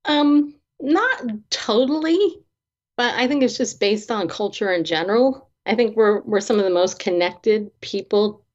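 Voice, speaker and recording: A woman's voice: mid-range voice, animated, unhurried. A woman who is a Christian therapist and author, guesting on an interview. She tells personal stories expressively, laughing often and acting out the dialogue. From not from the American South. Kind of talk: animated personal storytelling. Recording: dull lo-fi audio.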